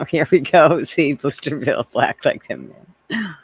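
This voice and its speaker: Loud profane man on a livestream. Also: fairly high pitch, lively intonation, slow pace, breathy edge, dry recording. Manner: profane, rowdy, laughing often. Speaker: livestream host chatting with viewers. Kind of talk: casual live chat. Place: indoors, hot weather, near an RV.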